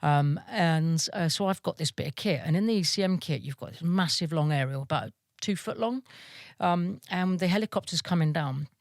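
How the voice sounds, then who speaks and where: A woman's voice: low voice, normal speed, no room sound, clean studio sound. A woman army veteran being interviewed, telling stories casually, swearing freely and laughing as she goes.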